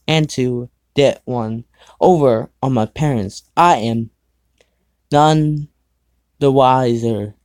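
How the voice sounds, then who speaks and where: A man reads a fan story aloud on his own show, trailing off into sarcastic remarks whenever the text stops making sense. His delivery is slow and unhurried, with a warm, darker tone. The recording is dry and close to the mic. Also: mid-range voice, no echo. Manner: sarcastic asides, stumbles over the text. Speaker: show host reading fan fiction. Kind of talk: casual dramatic reading with commentary.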